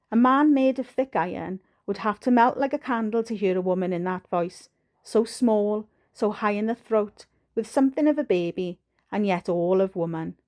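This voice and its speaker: A woman with a Welsh accent narrating an audiobook in a steady, measured way. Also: mid-range voice. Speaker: audiobook reader.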